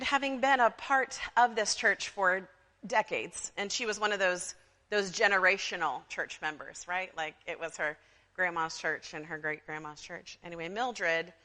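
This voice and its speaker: A woman's voice: mid-range voice, sharp tone. A woman pastor preaching a storytelling sermon in a church, talking conversationally with frequent asides to her congregation. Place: church sanctuary. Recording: long reverb of a church sanctuary.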